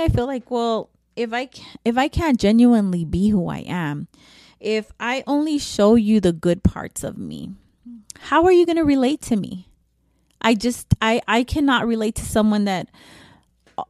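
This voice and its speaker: A woman's voice: on the high side, a little mellow, dry recording. A middle-aged woman hosting her own podcast, talking candidly and emotionally in a casual, slangy way. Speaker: podcast host. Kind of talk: casual solo podcast talk.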